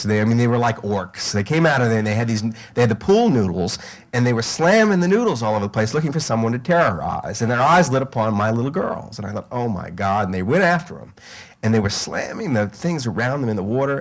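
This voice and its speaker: A middle-aged man telling a story to a live audience, halting with fillers and restarts, growing animated. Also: mid-range voice.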